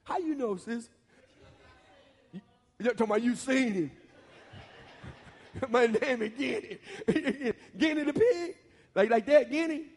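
A man preaching a sermon in a church, bantering with the congregation and building to loud preaching. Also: extremely high pitch, lively intonation, measured pace, pauses often. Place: church sanctuary. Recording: long reverb of a church hall.

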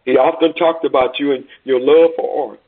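A preacher voicing a humble young soldier. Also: male voice, medium pitch, steady tone, normal speed, slightly rough, close to an everyday voice. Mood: earnest. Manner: earnest, respectful. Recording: tinny phone-like recording.

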